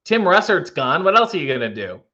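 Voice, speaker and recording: A man hosting a casual livestream, reading viewer comments aloud with wry, deadpan asides. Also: a little high, fairly quick, lo-fi sound. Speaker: livestream host.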